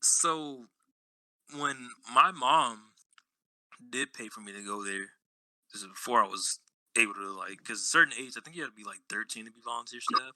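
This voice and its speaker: Young male podcast host, bright and dry, loose slangy storyteller. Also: mid-range voice, moderate pace, no echo, low-quality recording. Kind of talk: casual chat.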